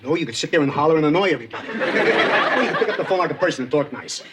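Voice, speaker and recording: An actor playing a wisecracking, exasperated prison guard in a TV sitcom. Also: male voice, a little high, animated, very fast, a loud crowd, very noisy, close to an everyday voice. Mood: sarcastic. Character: sarcastic male prison guard. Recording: sitcom with loud audience laughter.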